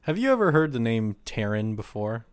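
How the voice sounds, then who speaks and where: A man's voice: mid-range voice, sing-song, moderate pace, smooth, dry recording. A man in casual chat, teasing his co-host and retelling a listener's story.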